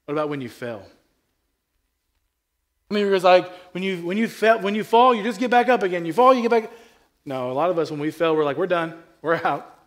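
Male pastor, high voice, casual sermon delivery with big swings in volume and lots of restarts. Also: animated, a little fast, pauses often. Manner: conversational, swings from quiet asides to loud emphatic peaks; repeats and restarts phrases, asks the crowd questions.

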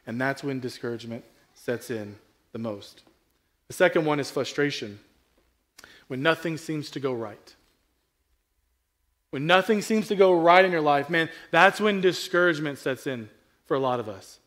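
A man preaching a sermon in a casual, conversational way, asking the congregation questions and rising from quiet asides to loud, emphatic peaks. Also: on the high side. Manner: repeats and restarts phrases, asks the crowd questions. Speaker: pastor.

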